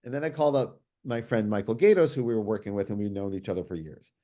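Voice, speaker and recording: Animated middle-aged man telling stories. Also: on the low side. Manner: animated, fast, many restarts and fillers. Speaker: comics writer guest. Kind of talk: casual storytelling.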